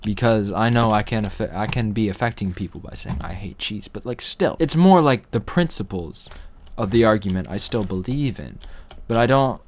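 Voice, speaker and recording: A young man with a somewhat low voice rambles through casual gameplay commentary, tossing off absurd deadpan jokes. Faint keyboard clicks tick away behind him as he plays at his computer. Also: normal speed, a little hiss or hum. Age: young adult. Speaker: gaming commentator.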